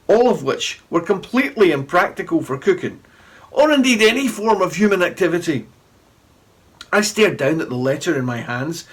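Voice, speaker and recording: Animated man reading aloud. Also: on the high side, husky. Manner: animated, chatty storyteller. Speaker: children's author. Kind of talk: reading a story aloud to children.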